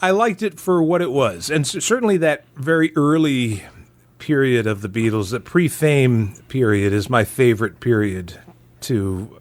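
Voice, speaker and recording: A man's voice: medium pitch, moderate pace. A man as a podcast guest in a casual review chat, reflective and chuckling often as he talks.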